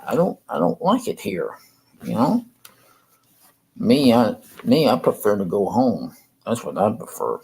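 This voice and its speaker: A man rambling and halting through a casual livestream chat from a room in a rehab facility. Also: lowish voice, gravelly, a little mellow, low-quality recording. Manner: halting, rambling, repeats himself.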